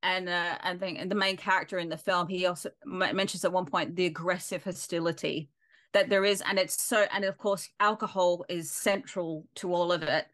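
Australian woman, low voice, thinking aloud. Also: fairly even intonation, moderate pace, fairly bright tone. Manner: thoughtful, searching for words. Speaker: film lecturer. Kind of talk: casual interview talk.

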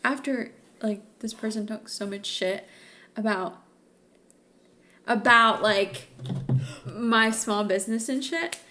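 A woman's voice: on the high side, slow pace, long pauses, a little hiss or hum. Profane young woman telling stories. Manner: profane, animated storytelling. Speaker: podcast co-host. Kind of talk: casual chat.

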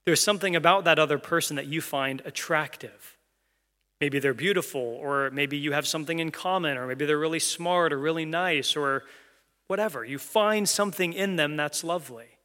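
A man's voice: on the high side, bright, forceful tone, long reverb tail. A male pastor preaching a sermon in a church, speaking earnestly and conversationally, asking the congregation questions. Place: church sanctuary.

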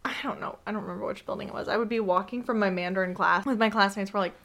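A woman's voice: medium pitch, rapid-fire, creaky. A young woman co-hosting a casual podcast chat, telling stories with lots of swearing and acted-out voices. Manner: animated storyteller, swears freely, acts out voices. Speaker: podcast co-host.

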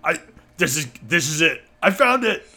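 A bold young adventurer proclaiming his arrival, as a man puts him on. The voice rises high and loud, bright and grandiose, like a fairy-tale hero in a tabletop game. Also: big pitch swings, slow, heavily acted. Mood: triumphant. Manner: grandiose, triumphant declaiming.

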